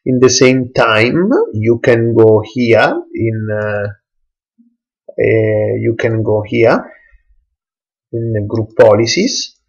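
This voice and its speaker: A young man, an English speaker, walks through a computer setup in a screencast tutorial, pausing often and restarting his sentences. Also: lowish voice, fairly even intonation, highs cut off. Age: young adult. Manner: halting, many fillers and restarts, non-native English. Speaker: tech tutorial presenter.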